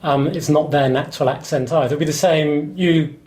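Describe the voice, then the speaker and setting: A man from southern England interviewing an actress, asking measured, explanatory questions. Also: on the high side, darkish tone, a little hiss or hum. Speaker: theatre interviewer. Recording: echoey room.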